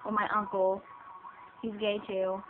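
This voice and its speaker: Talking to the camera for her personal vlog, a teenage girl of seventeen has a medium-pitched voice with a level tone and an unhurried pace. She hesitates a lot, filling her speech with ums and restarts, and the audio is tinny, lo-fi and hissy.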